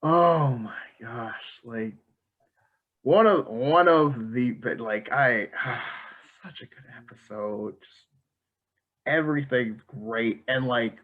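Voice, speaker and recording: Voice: mid-range voice, slow. A host chatting casually and gushing, laughing often and filling the talk with 'like' and 'oh my gosh'. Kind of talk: casual chat. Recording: tinny phone-like sound.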